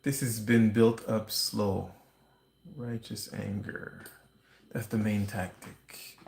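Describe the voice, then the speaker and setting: Gravelly low-voiced man ranting. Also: steady tone, takes it slowly, a little mellow. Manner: rambling, conspiratorial, with restarts and wry laughs. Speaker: livestream host. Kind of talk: casual ranting monologue. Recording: roomy echo.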